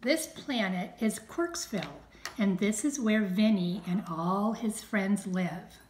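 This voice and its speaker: A woman teacher reading a storybook aloud to young children, stressing sounds slowly and clearly. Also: medium pitch, darkish tone, roomy sound, slight background noise, low-quality recording.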